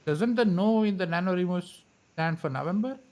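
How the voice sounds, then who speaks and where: A man with a fairly high voice chats casually as co-host of a live stream. He talks haltingly, restarting his sentences and laughing lightly between thoughts. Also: darkish tone. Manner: hesitant, many restarts and laughs. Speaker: podcast co-host.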